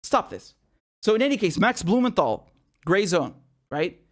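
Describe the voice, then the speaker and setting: A man hosting a political commentary show, ranting in outrage with rapid rhetorical questions and frequent swearing. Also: high voice, sing-song. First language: not American.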